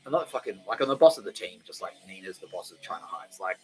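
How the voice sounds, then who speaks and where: A man's voice: low-pitched, animated, fast talker, a little mellow, faint music behind, poor audio. A young man hosting a podcast, talking in a rambling, profane, self-mocking way. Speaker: podcast host. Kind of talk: casual solo monologue.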